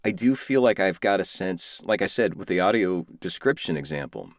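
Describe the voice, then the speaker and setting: Very low-voiced male host, reflective, dry close sound. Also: animated, normal speed, dry recording. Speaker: podcast host and voice actor. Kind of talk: conversational interview.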